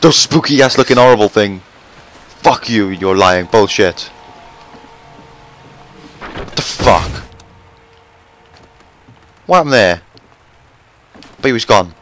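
Young male let's player, brash and foul-mouthed, very animated pitch. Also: slow pace, long pauses, slight background noise. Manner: loud, profane, yelling at the game. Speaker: gameplay commentator. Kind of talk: let's play commentary.

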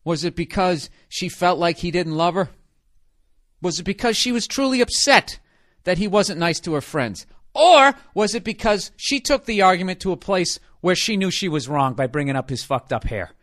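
A man's voice: high voice, expressive, moderate pace, a bit bright. A man hosting a comedy podcast, ranting in a profane, sarcastic monologue. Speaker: podcast host.

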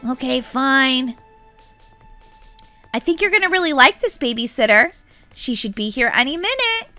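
A woman doing a soft, gentle cartoon mom. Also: sits high, big pitch swings, moderate pace, no echo, soft background music, full character voice. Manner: soft, apologetic. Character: gentle busy mother of two girls.

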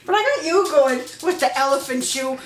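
A chatty young woman from Canada hosts a casual vlog, giggling and joking about herself. Her voice sits high. She is heard in an echoey room with a faint hiss underneath. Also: expressive, a little fast. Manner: giggly, chatty, self-deprecating. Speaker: vlogger host. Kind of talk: casual chat.

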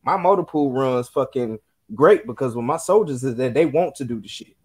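A young man talking on a casual podcast in an ordinary mid-range voice. He swears freely and tells animated stories, slipping into the voices of the people he quotes. The talk is loose and conversational. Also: medium pitch, moderate pace, husky. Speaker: podcast co-host.

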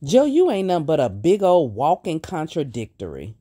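A woman's voice: low voice, huge pitch swings, moderate pace, warm tone, husky. A woman giving teasing, mocking reaction commentary and talking straight to her viewers. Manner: sassy, teasing, talks to viewers as y'all.

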